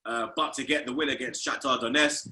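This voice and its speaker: A man hosting a casual football talk show, loud and excitable and swearing a lot. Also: medium pitch, a little fast, echoey room, low-quality recording. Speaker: host.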